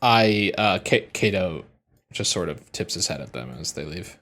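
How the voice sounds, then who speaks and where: A man playing in a tabletop game, halting and curious, asking questions. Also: low-pitched. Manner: halting, lively, asks questions. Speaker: player. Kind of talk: casual tabletop role-play.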